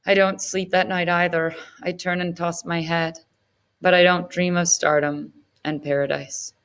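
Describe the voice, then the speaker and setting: A woman reading a novel aloud in the first person, in a measured, even storytelling manner. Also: fairly low pitch, clean tone. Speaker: audiobook narrator.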